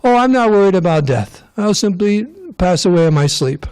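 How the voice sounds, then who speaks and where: Man putting on a smug old English gentleman. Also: sits high, expressive, moderate pace, smooth, dry recording. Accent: English (put on). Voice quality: pompous, breezy. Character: old upper-class Englishman, smug about death.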